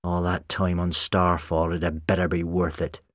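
A man's voice: low-pitched, completely flat delivery, moderate pace, a bit bright, dry recording, clean studio sound. A man voicing a cold scheming female robot. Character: female killer robot posing as a woman, cold.

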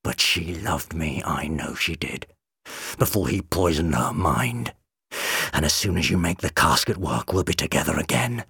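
A man playing a grieving, unhinged murderer in a hushed, snarling manner. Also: rumbling low, expressive, moderate pace, vocal fry, slightly rough, dry recording, clean studio sound, heavily acted.

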